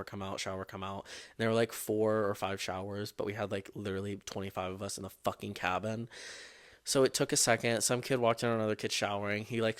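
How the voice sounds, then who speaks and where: A young man hosting his own podcast, retelling a childhood story in a casual, profane and exasperated way. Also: on the low side. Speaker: podcast host.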